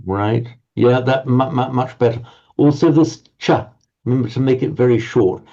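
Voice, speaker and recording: Male Pali tutor, warm and dark-toned, corrective, slightly muffled lo-fi recording. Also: medium pitch, moderate pace. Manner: patient, corrective, repeats words while searching. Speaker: Pali pronunciation teacher. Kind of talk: teaching pronunciation in a group class. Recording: dull lo-fi audio.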